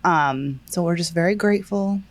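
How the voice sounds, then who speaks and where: A woman's voice: lowish voice, normal speed. A woman co-hosting a podcast in casual chat, chatty and laughing as she tells family stories. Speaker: podcast co-host. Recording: studio podcast mic.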